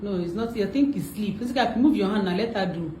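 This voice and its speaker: A woman's voice: medium pitch, fast. A woman with a Nigerian accent doing casual prank banter, often laughing as she talks. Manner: lively, laughs through her speech. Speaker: prank video maker. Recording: echoey room with faint noise.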